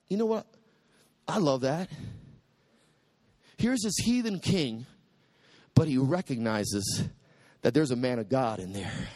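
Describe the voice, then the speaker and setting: A man preaching a sermon, quoting scripture and building to shouted peaks. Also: lively intonation, slow pace, long pauses, dry recording. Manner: preaching with soaring pitch and sudden shouted peaks; quotes scripture in dramatic voices.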